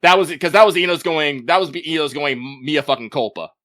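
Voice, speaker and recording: Man, podcast co-host, casual, swears a lot, self-correcting, bright voice, dry sound. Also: fairly high pitch, brisk, no echo. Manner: talks in long, swearing, self-correcting runs.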